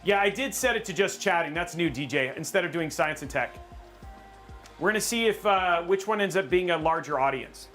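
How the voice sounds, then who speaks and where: A man hosting a casual livestream, rambling and excitable, joking about himself. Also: fairly high pitch, fairly quick, soft background music. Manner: excitable, rambling, self-mocking. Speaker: livestream host.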